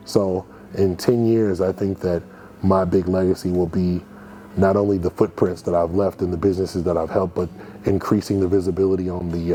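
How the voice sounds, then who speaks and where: A man in his thirties from Kansas City, telling stories in a casual interview, chatty and animated, with lots of fillers and restarts. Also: low voice. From Kansas City, USA. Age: 30s. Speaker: food reviewer being interviewed.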